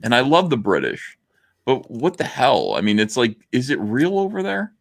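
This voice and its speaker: A man's voice: mid-range voice, big pitch swings, moderate pace, vocal fry. A man from the US hosting a livestream, ranting sarcastically in a comment-reading commentary. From United States. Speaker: livestream host.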